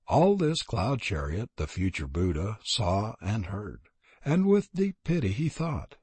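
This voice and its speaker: A man giving scripted audiobook narration in a measured storytelling manner, with a husky voice. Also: lowish voice, sing-song, darkish tone, dry recording.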